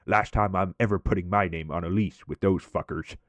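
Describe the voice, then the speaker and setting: A man's voice: sits low, steady tone, a little fast, no echo, natural voice. A man voicing a crude, chaotic male coworker who rants and swears. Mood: ranting. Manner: profane ranting.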